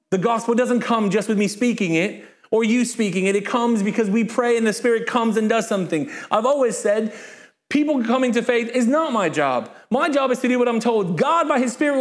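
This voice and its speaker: A male pastor preaching a sermon to a congregation in church, lively and full of joking asides. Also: high voice, fast talker.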